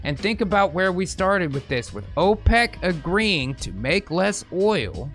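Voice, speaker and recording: A man's voice: sits high, big pitch swings, unhurried, fairly bright tone, faint music behind. A man hosting a podcast, giving casual political commentary in a profane, sarcastic, joking way. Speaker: podcast host.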